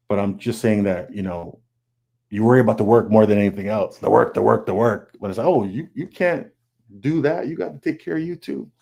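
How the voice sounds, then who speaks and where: A man's voice: sits low, gravelly, warm tone. A man on a video call panel, talking earnestly and candidly, often repeating words and quoting his own thoughts. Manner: earnest, confessional, repeats words, quotes himself. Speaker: comic artist guest.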